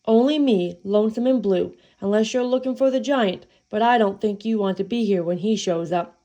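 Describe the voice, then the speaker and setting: A woman's voice: medium pitch, normal speed, dark tone, lightly acted. Lonesome talking jukebox, female, sassy and blue, voiced by a woman storyteller, talks in country-song lines; storybook reading. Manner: twangy country-song sayings.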